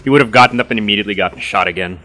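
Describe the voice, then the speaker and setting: A man's voice: lowish voice, rapid-fire, bright, forceful tone. A young man in casual, crude gaming chat with friends, joking around. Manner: crude, joking, puts on silly voices. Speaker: gamer.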